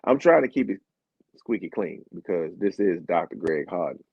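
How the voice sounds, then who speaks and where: Animated husky man telling comic stories. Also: sits low, moderate pace, no echo. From United States. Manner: animated, laughing, acts out dialogue. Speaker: guest, Olympic sprinter turned comedian. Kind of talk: comic storytelling. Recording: dull, dry audio.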